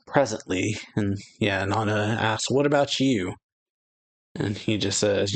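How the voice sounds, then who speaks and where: A man casually reading a manga chapter aloud and retelling its dialogue, with lots of "yeah" and "uh" and quick exclamations. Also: on the low side. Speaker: anime reaction channel host. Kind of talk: casual manga read-along with reactions.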